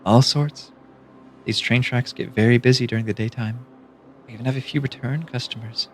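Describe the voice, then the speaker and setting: A man's voice: mid-range voice, fairly even intonation, moderate pace, slight background noise, lightly acted. A man voicing a cheerful old woman street trader who chats away in upbeat sales patter while reading a story aloud. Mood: breezy. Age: older.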